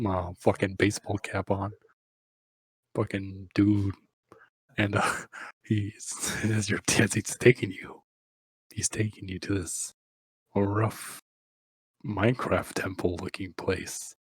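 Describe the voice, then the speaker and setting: A man's voice: fairly low pitch, fairly bright tone, slightly rough, no echo. A man telling a rambling, crude, improvised comic story, often breaking into laughter.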